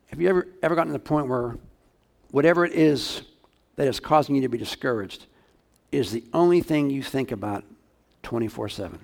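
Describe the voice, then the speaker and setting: A man's voice: on the high side, moderate pace, creaky. A male pastor preaching a sermon, talking casually and asking his congregation questions.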